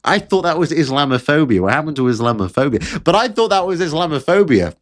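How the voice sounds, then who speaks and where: A man's voice: on the high side, very animated, quick pace. Sarcastic man ranting. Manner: sarcastic, mocking, repeats phrases for effect. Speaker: political commentator. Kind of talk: casual ranting commentary.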